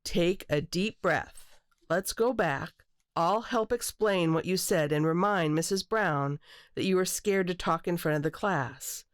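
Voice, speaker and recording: A caring girl who speaks calmly and reassuringly, close to the reader's own low voice, as a woman reads her. Dry, close sound. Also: unhurried, no room sound, natural voice.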